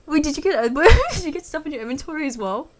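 A young woman hosting a casual gaming video, giggly and excitable as she chats with a friend. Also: sits high, fast.

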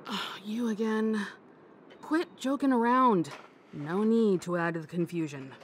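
A woman's voice: mid-range voice, measured pace, a little hiss or hum, lightly acted. A woman voicing a weary official taking down miners' names, talking in a dismissive, tired way.

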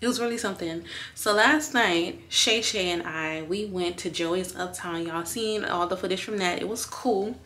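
A woman's voice: fairly low pitch, normal speed, hardly any pauses, a bit bright. A young woman talking casually to her viewers in a vlog, calling them y'all. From Houston, USA. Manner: chatty, addresses viewers as y'all. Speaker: vlogger. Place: busy bar or restaurant. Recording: crowd chatter and noise behind.

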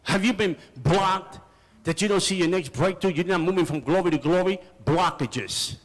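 A man's voice: sits high, normal speed, a bit bright, in a large hall. An older man preaching at a seminar, firing off repeated rhetorical questions in short, punchy phrases.

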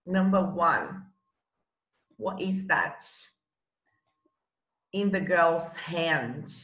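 Slow, bright-voiced woman teaching. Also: on the low side, lively intonation, echoey room, low-quality recording. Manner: slow, encouraging drilling of words. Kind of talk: bilingual classroom lesson.

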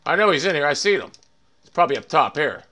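A man's voice: fairly high pitch, expressive, quick pace, sharp tone. A man streaming a shooter game, ranting angrily and swearing as he plays. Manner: angry, ranting, swearing, muttering. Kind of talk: live game streaming commentary.

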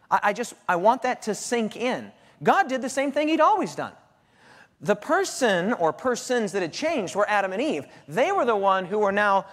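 A man preaching a sermon to a live audience, emphatic and animated, repeating phrases to drive points home. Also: sits high. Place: stage with lighting before an audience. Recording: hall reverb.

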